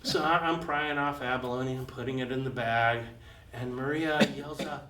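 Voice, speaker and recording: With a mid-range voice, fairly even intonation, and a sharp tone, an older man from the United States speaks at normal speed as he shares an adventure from his own life with a live crowd. He laughs frequently and imitates the people in the story, and the recording carries a roomy, somewhat distant quality and a faint hum.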